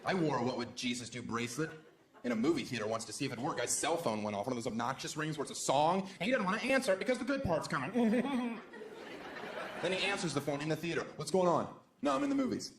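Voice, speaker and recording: On the high side and very animated, this American comedian speaks fast from the stage of a large venue. Sarcasm and provocation drive his punchlines, with sudden shifts into exaggerated voices, all recorded in a reverberant hall over a loud crowd's laughter and applause.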